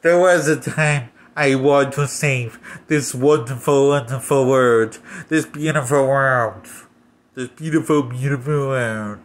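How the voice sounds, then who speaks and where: A man's voice: medium pitch, takes it slowly, close to an everyday voice. A man doing a mocking impression of a heroine woman narrating wistfully in a nasal, runny-nosed voice.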